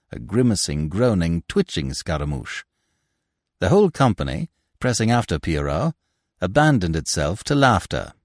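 A man narrating a classic novel for a podcast in a theatrical, expressive manner, close to the mic. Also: mid-range voice, no echo.

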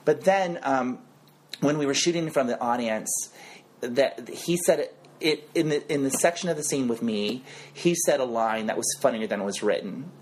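A middle-aged man, an actor, telling animated stories as a guest in a casual podcast interview on a studio mic. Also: moderate pace, a little hiss or hum. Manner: animated, expressive storyteller who swings his pitch.

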